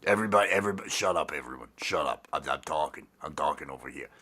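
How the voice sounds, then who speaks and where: A man doing a gruff, bossy talking pumpkin. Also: very deep voice, animated, rapid-fire, sharp tone, voice pushed down, heavily acted. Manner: gruff, barks orders to shut up. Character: rude bossy male talking pumpkin head.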